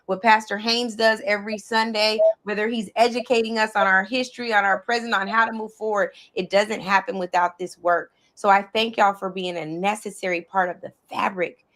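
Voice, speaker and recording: A woman hosting a live panel over a video call, her voice at an ordinary middle pitch. She talks in a heartfelt, emotional and rallying way. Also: fairly even intonation, brisk, hardly any pauses, a bit bright. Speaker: host.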